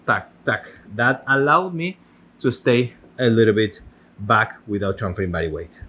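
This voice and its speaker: A man's voice: fairly low pitch, moderate pace, pushed and bright. A man co-teaching tango who explains the technique step by step and speaks to the leaders. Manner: explains technique and agrees with partner. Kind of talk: dance lesson instruction.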